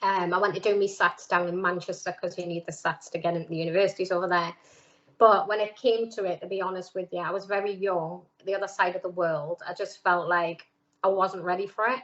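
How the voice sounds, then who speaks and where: A woman's voice: fairly low pitch, brisk, lo-fi sound. A middle-aged woman with a Geordie accent, a former footballer chatting through her early career in an interview, full of "um"s and quoted voices. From North East England. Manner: chatty, lively quoting of others, many "um"s and "like"s. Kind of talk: casual storytelling interview.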